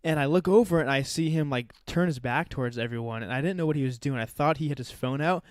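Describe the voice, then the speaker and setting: A man's voice: mid-range voice, fast talker, dry recording. A man in his twenties, a podcast co-host and youth leader, telling a story in casual chat, rambling with lots of "like" and laughing as he talks. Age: 20s. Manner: rambling, heavy use of "like", laughs while telling.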